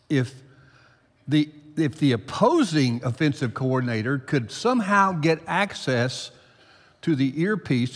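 A man preaching a sermon to his congregation, climbing loud for emphasis and then dropping low. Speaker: pastor. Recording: long hall reverb.

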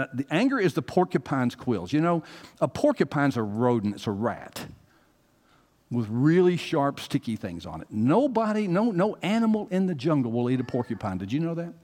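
A man's voice: medium pitch, a little mellow. A man from the American South preaching a conversational sermon as pastor, talking directly to his congregation and rising into emphatic bursts. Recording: long hall reverb.

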